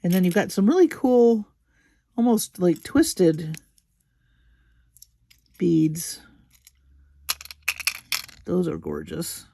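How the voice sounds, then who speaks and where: A woman hosting a crafting video, gushing slowly and admiringly over beads with soft exclamations as she unboxes them. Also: on the low side, lively intonation, vocal fry. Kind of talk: unboxing commentary.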